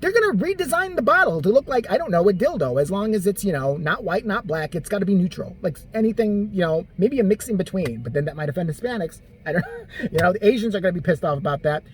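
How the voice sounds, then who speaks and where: A man ranting on a vlog, exasperated and crude, swearing constantly. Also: fast talker. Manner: animated, jumps between high and low pitch. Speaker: vlogger. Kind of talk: profane comedic rant.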